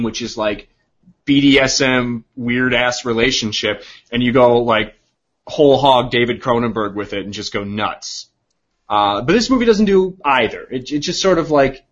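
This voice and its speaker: Husky man animatedly retelling a film. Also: medium pitch, muffled recording. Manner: animated storyteller acting out scenes. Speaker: podcast co-host. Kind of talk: casual comedic movie review chat.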